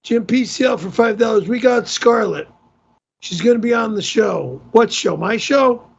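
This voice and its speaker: A man hosting a livestream and reading out tips, gruff and easily exasperated, swearing often, talking while wearing a tight neck brace. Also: high voice, normal speed, lo-fi sound. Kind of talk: casual livestream talk.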